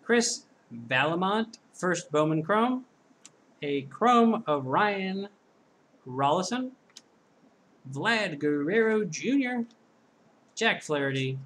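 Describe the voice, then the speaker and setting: Opening packs alone for his channel, this card-breaking host keeps up casual, chatty commentary full of self-deprecation, recorded from a corner of a room in his home. He has a bright-ish voice that sits on the high side. Slight background noise can be heard.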